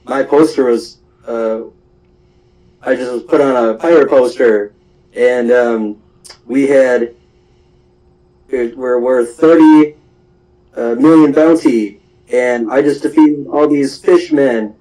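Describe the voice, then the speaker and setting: A man's voice: mid-range voice, slow, long pauses, dark tone, close to an everyday voice, rough recording. A man voicing a boastful, cowardly young male pirate sniper in a casual anime recap, bragging and trying to scare a child.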